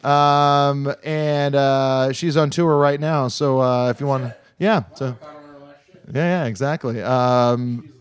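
A man hosting a radio show in casual chat, rambling and halting, laughing often. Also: medium pitch, fairly even intonation, clean tone.

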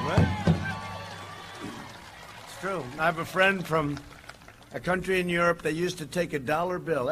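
A man giving a campaign rally speech outdoors, rambling and digressive, swinging between shouted lines and low asides. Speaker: political candidate at a rally.

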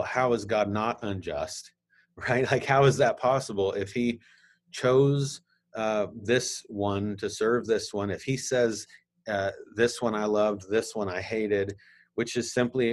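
A man hosting a podcast, reading scripture aloud and explaining it in a casual, halting way with asides. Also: on the low side. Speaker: podcast host. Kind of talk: casual Bible teaching.

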